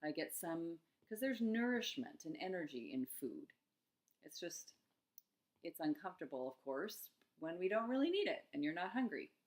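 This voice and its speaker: A middle-aged woman coaching on eating struggles in a gentle, musing self-help talk, with soft laughs between thoughts. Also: fairly low pitch, big pitch swings, moderate pace.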